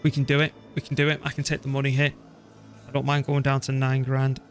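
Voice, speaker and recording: A man's voice: medium pitch, monotone, fast, faint music behind. A man, casually talking through a strategy game he is playing and muttering to himself as he goes. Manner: chatty, muttering to himself, mild swearing. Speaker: streamer. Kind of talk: casual gameplay commentary.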